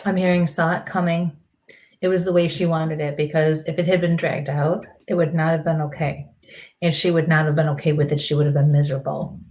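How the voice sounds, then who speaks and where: A woman with a fairly low voice gives a psychic reading on a live stream. She talks haltingly, pausing and drifting into soft murmured repeats. She feels hot and clammy. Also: flat delivery, rough recording. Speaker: medium, co-host.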